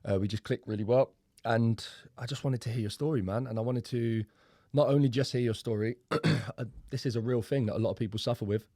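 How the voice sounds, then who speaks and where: A man's voice: mid-range voice, fairly even intonation, a little fast, few pauses, mellow, no echo, studio quality. A young man with a London accent hosting a podcast in casual, blunt chat that is full of swearing. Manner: blunt, swears freely, loose and chatty. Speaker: podcast host.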